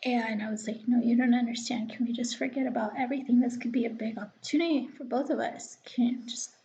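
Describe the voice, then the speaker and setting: A woman's voice: fairly high pitch, fairly even intonation, quick pace, mellow, a little hiss or hum, rough recording. A young woman telling a personal story in a casual, rambling, confiding way, sometimes dropping to a whisper. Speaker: vlogger.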